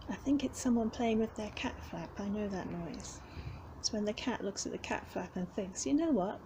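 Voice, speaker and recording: A young woman who keeps a cattery, chatting softly to the cats in a gentle, cooing way and often dropping to a whisper. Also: medium pitch, moderate pace, a little hiss or hum, rough recording. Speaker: cattery keeper. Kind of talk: soft chat to cats. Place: indoor cattery. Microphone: handheld camera. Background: faint purring and cattery ambience.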